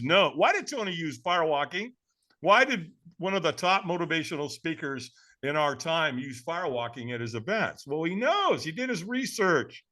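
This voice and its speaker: A man guesting on a podcast, telling a personal story in a lively, dramatic way and laughing as he goes, with a casual manner. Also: fairly high pitch. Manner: casual, addresses the host as man and brother.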